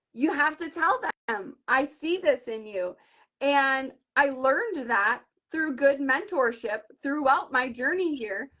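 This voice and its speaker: A woman in her thirties, a direct-sales team leader, talking earnestly and with animation in a live video conversation. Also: high-pitched. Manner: earnest and animated, retells conversations in lively voices.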